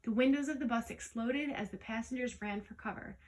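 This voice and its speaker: A woman reading a storybook aloud in the first person, lively, with small slips that she corrects as she goes. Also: a little high, fairly quick, rough recording. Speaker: audiobook reader. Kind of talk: storybook read-aloud narration.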